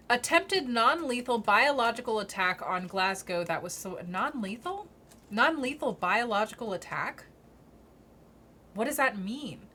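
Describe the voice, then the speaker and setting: A woman's voice: a little high, sharp tone, a little hiss or hum. A woman streamer giving casual, joking commentary as she plays a mystery game. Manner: chatty, joking, reacting aloud with laughs.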